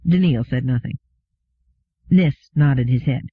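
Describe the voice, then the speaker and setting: A man narrating an audiobook in a steady, even reading. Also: a little high, normal speed, slightly rough, no room sound. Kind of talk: scripted narration. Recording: phone-like narrow sound.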